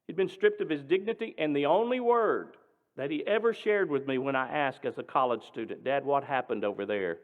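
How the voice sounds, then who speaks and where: A male pastor tells a story in a sermon, speaking dramatically and emphatically, with his voice moving between loud and hushed. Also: a little high, lively intonation, fairly quick. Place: synagogue sanctuary. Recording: tinny, echoing hall.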